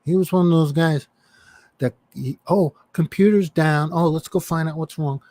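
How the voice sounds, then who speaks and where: A man telling a story in casual chat, swearing freely and animated. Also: fairly high pitch, normal speed, dry recording. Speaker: chat participant.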